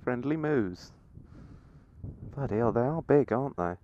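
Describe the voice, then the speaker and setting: A man talking into his helmet-cam with a slow, unhurried delivery that swings widely in pitch. He is playful and sweary, cooing baby-talk at animals. The audio is muffled and lo-fi, with engine noise behind. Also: expressive, dark tone. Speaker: motorcycle vlogger. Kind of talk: casual helmet-cam commentary.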